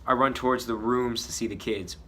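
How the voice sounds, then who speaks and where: A man's voice: mid-range voice, steady tone, brisk, pushed and bright, slight background noise. A man reading a story he wrote as a child, joking about the spelling and the drawings as he goes. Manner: mocking his own old writing. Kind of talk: comedic read-aloud with commentary.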